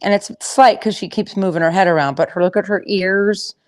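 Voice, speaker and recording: A woman's voice: mid-range voice, brisk. A woman horse trainer giving a casual teaching talk, rambling and chatty with many fillers and restarts. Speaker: horse trainer and confidence coach.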